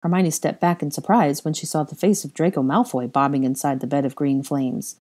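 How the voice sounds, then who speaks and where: A woman reading fan fiction aloud in a slow, measured narration. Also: low-pitched, fairly even intonation, dark tone. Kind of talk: audiobook-style narration.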